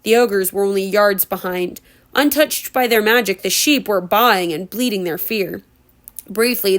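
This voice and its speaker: A woman's voice: medium pitch, normal speed. A woman reading a novel aloud at home as a homemade audiobook, breaking into giggly, chatty asides. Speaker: reader.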